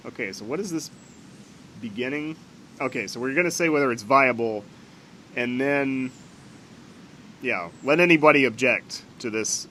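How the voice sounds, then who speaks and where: A man's voice: mid-range voice, pushed and bright, slight background noise, low-quality recording. A man reading a classic dialogue aloud and breaking off to comment on it in a casual, offhand way. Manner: reads dialogue aloud then chats about it offhand. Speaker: reader and commentator on a philosophy text.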